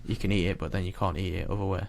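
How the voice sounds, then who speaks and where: A man's voice: deep voice, fairly even intonation, racing, gravelly. A young man co-hosting a podcast, joking and arguing in casual chat with some swearing. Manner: joking, argumentative, swears freely. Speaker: podcast co-host.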